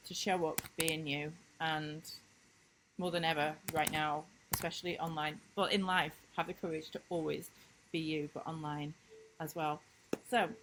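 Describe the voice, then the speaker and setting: A woman business coach in a casual talking-head vlog, recapping lessons with emphatic enthusiasm and sudden upward leaps in pitch. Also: fairly bright tone, slight background noise, low-quality recording. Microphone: computer screen-recording mic.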